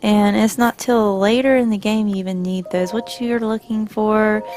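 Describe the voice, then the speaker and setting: A woman's voice: medium pitch, fairly even intonation, moderate pace, darkish tone. A woman from Georgia with a Southern accent, chatting casually through gameplay commentary, rambling and correcting herself as she goes. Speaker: gaming channel host.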